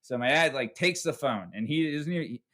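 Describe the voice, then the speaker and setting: A man's voice: on the high side, lively intonation, fairly quick, a bit bright. Swearing man telling a story. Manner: profane, tags lines with "right?". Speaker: podcast host. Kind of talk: casual podcast storytelling.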